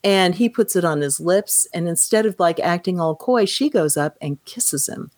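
Low-pitched woman on a podcast, chatty and animated, acting out movie lines, dry close sound. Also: normal speed, no room sound. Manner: animated, acts out quoted lines. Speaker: podcast co-host. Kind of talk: casual film discussion.

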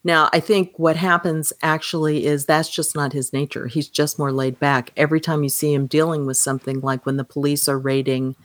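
A woman's voice: sits low, brisk, few pauses, dry recording. A woman co-hosting a podcast, talking through a film in casual chat and acting out the characters' lines as she goes. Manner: animated, acts out quoted lines. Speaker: podcast co-host.

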